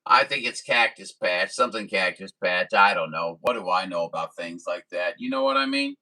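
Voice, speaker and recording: Deep folksy radio operator man. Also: big pitch swings, moderate pace, bright, forceful tone, rough recording. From Missouri, USA. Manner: folksy, rambling, friendly banter with radio jargon. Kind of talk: radio contact chat.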